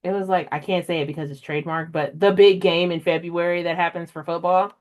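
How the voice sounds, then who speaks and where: Young woman host, slightly low voice, chatty and emotional, big swoops up when she quotes herself. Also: fast. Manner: emotional, animated storyteller with big pitch jumps in quoted reactions. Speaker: podcast host. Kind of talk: casual chat.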